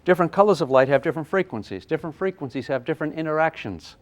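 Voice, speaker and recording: An older man teaching a physics class, lively and playful, with sound effects and acted asides. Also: a little high, rapid-fire, highs cut off. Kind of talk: classroom lecture at a whiteboard.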